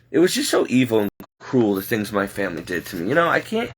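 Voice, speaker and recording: A man casually telling a personal story in an earnest, halting way. He often restarts his sentences and speaks openly about God and the supernatural. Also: lowish voice, huge pitch swings, breathy edge. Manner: earnest, halting, circles back on itself.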